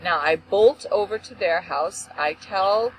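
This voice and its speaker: A woman hosting a faith talk show, telling a family story in an animated, expressive way. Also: measured pace, a little hiss or hum, rough recording. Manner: expressive, acts out quotes with big pitch swings. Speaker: host.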